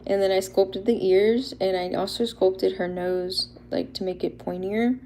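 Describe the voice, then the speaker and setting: A woman's voice: medium pitch, steady tone, measured pace, warm tone, slight background noise. A young woman, chatting casually and a little shyly on a livestream, laughing often as she shows handmade toy figures. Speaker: livestream host showing custom toy figures.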